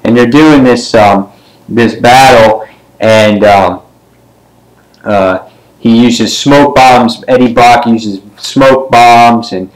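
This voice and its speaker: A man giving a casual comic book review, retelling the story in a rambling way with many fillers and sometimes jumping up in pitch to act out a character's line. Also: slow, low-quality recording. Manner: briefly acts out characters' lines with pitch jumps.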